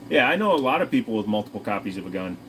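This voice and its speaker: A man's voice: on the low side, big pitch swings, very fast, a bit bright, slight background noise. A man in his forties with a Tennessee accent, hosting a casual livestream and chatting to viewers in a crude, profane, joking way. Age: 40s. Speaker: livestream host.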